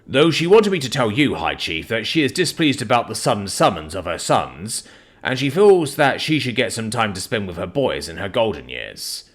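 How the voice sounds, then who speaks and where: A man's voice: lowish voice, very animated, normal speed, breathy edge. A man voicing a polite, dutiful young male orc.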